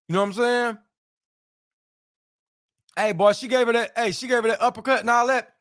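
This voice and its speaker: A man with a high voice talks loosely with his live-stream viewers, throwing out slang and short asides. He greets people by name and keeps up relaxed banter. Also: moderate pace, long pauses. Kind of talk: casual live-stream chat.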